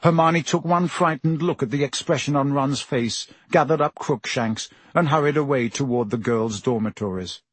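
A man's voice: mid-range voice, normal speed, few pauses, breathy edge, dry recording. A man reading a novel aloud as an audiobook narrator, telling the story steadily. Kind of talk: scripted narration.

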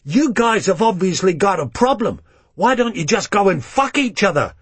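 A man's voice: sits high, big pitch swings, normal speed, husky, dry recording, pitched above the performer's own voice, exaggerated voice. A man voicing an indignant young female backpacker, challenging and outspoken.

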